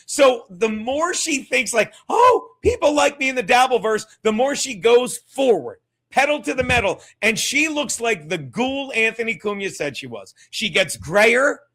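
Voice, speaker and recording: A man hosting a live stream, ranting profanely and mockingly, repeating himself and breaking into shouts. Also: extremely high pitch, sing-song, a little slow. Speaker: streamer host.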